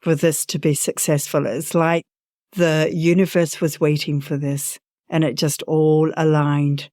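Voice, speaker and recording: A woman's voice: low voice, little pitch movement, unhurried, mellow, no echo, studio quality. A woman podcast host, responding with supportive, affirming remarks to her guest. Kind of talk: interview conversation.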